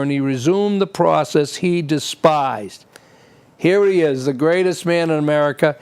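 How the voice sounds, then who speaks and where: High-voiced man on an indignant rant. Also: darkish tone, smooth. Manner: indignant, opinionated, rhetorical questions. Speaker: TV show host. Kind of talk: political commentary monologue.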